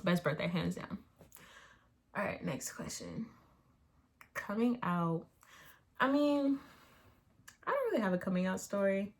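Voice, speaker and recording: A woman's voice: mid-range voice, very animated, measured pace, long pauses. A young woman chatting casually on her vlog, answering viewer questions in a rambling way with lots of filler words. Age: young adult. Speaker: YouTuber answering Q&A. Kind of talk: casual chat.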